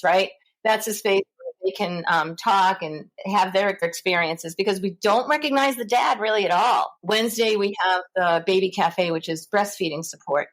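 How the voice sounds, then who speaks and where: A middle-aged woman, a guest in an interview, telling stories in a lively way and acting out the people she quotes. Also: fairly low pitch. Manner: animated, acts out quoted voices. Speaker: guest, founder of a parent support center. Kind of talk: conversational interview storytelling.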